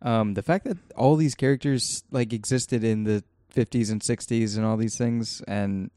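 A man's voice: on the low side, steady tone, normal speed, warm tone, no room sound, studio quality. Casual rambling male co-host. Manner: rambling, laughs easily, swears. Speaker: podcast co-host. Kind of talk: casual chat.

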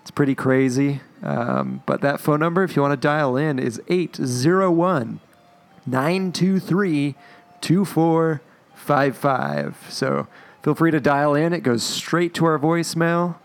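Man, podcast co-host, casual chat, slow delivery, gravelly voice. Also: a little high, big pitch swings. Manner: slow, laid-back delivery with jokey asides.

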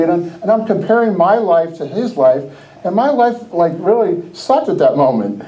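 Animated storytelling man, high and mellow. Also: normal speed, highs cut off. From New Jersey. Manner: animated, laughing, acts out quoted dialogue. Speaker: podcast host. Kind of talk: casual storytelling on a Christian podcast.

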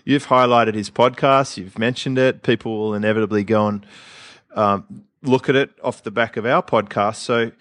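A man co-hosting a podcast in casual, blunt chat, laughing often and trailing off into quiet asides. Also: lowish voice, steady tone, moderate pace, no echo, studio quality. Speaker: podcast co-host.

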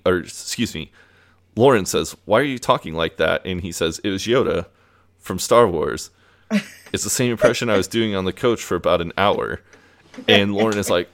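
A man's voice: deep voice, moderate pace, a bit bright. A man co-hosting a podcast, retelling a TV episode in a loose, chatty way with plenty of fillers. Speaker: podcast co-host. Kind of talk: casual episode recap.

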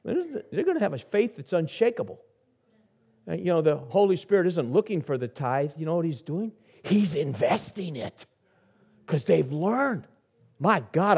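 A middle-aged man preaching a sermon as senior pastor, telling stories with soft asides that build to emphatic points. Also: a little high, very animated, normal speed, slightly rough. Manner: storytelling, shifting from soft asides to rising emphasis.

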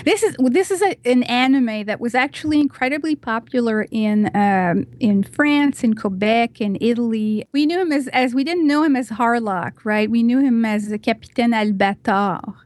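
Woman, podcast guest, high-ish voice, dry close sound, casual animated chat, "you know" fillers. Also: normal speed, few pauses, no echo.

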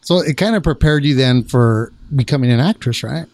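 A man's voice: medium pitch, a little fast, a little mellow, no room sound. A man with a mid-range voice hosts a podcast, recorded close and dry. He rambles and restarts his thoughts, with frequent affirming murmurs. His delivery is casual and conversational. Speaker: podcast host. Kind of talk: casual interview chat.

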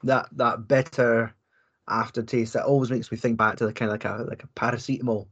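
A man's voice: mid-range voice, level tone, a little fast, a bit bright, slightly rough, muffled recording. A man co-hosting a casual beer-tasting podcast, hesitant and understated. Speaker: podcast co-host.

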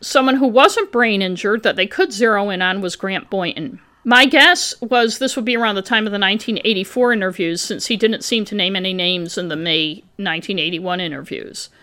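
A woman's voice: mid-range voice, brisk, few pauses, sharp tone. A woman in her fifties co-hosting a podcast, reading through a criminal case with blunt, sarcastic commentary. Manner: wry and blunt, with sarcastic asides. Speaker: podcast co-host. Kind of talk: reading a true-crime case aloud with commentary.

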